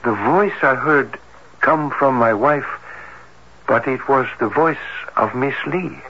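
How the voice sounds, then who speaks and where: Formal, hesitant doctor. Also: male voice, medium pitch, slow pace, breathy edge. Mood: earnest. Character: cautious, formal male doctor, a man of science. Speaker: cardiologist. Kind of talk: 1970s radio drama acting. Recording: dull lo-fi vintage radio with faint hiss.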